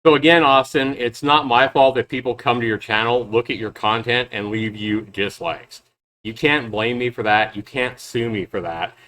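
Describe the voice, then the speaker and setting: A man in the middle of an ordinary pitch range, talking back at clips from a rival. He sounds sarcastic and mocking as he takes apart each claim. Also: steady tone, normal speed, pushed and bright. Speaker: YouTube game reviewer and developer. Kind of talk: reaction commentary.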